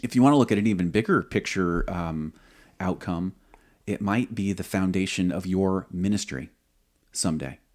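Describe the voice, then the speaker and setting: A man's voice: low-pitched, normal speed, a little mellow. A man speaking earnestly on a faith podcast, reasoning step by step about asking for help. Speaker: podcast co-host, former squadron commander. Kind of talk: reflective faith talk.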